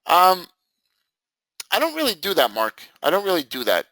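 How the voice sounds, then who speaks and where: Male trading instructor, high bright voice, joking and animated, close dry mic. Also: moderate pace, no room sound, rough recording. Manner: animated, jokey, acts out students' reactions. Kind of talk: live screen-share training session.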